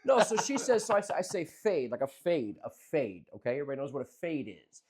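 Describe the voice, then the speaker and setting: A man chatting on a casual podcast, rattling off a long story at a quick clip. His voice sits a bit high, and he rambles, restarts and swears freely as he goes. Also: big pitch swings, darkish tone, slightly rough. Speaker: podcast co-host. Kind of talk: casual chat.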